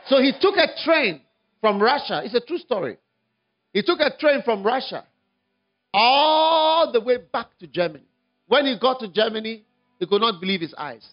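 A man preaching an evangelistic sermon, telling a story dramatically, swinging from hushed to shouting. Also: high voice, big pitch swings, a little slow, pauses often, muffled recording, faint music behind.

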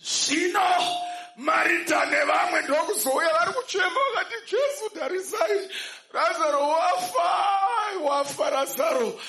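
A man interpreting a sermon, shouting the lines with emphasis. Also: very high voice, animated, unhurried, reverberant, faint music behind.

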